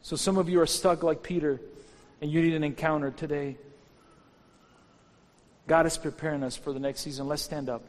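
A man's voice: fairly high pitch, fairly even intonation, normal speed, long pauses. A man preaching a sermon as pastor, fervent and rising into exhortation. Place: church hall. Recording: long hall reverb with faint music.

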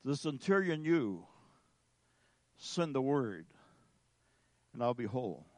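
A man preaching a sermon as a pastor, slow and emphatic with dramatic pauses. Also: medium pitch, very animated, no echo.

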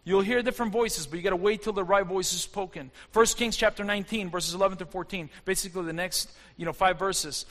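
A man's voice: high voice, steady tone, fast talker, hardly any pauses, fairly bright tone. Fervent preacher man in a reverberant hall. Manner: fervent, rising and falling intensity. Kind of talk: sermon.

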